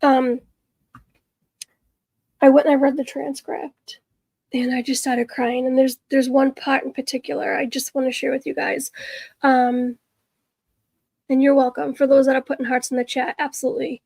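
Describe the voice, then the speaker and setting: A woman's voice: high voice, level tone, normal speed, gravelly, pauses often, darkish tone, no room sound. A woman hosting a casual livestream, talking to her viewers in a chatty, earnest, rambling way that trails off and restarts. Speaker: livestream host.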